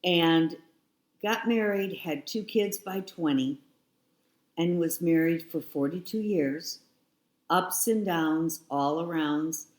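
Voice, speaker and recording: A woman in her sixties, appearing as a guest, tells her own story frankly and reflectively, sometimes repeating herself. Her voice is low and unhurried, and the recording is reverberant.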